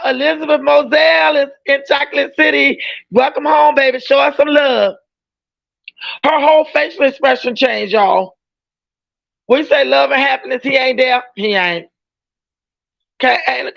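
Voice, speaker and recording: Brief: outspoken woman streamer, high gravelly voice, dull lo-fi audio. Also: moderate pace. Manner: emphatic, outspoken, often raising her voice. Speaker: livestream reaction host. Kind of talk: casual livestream commentary.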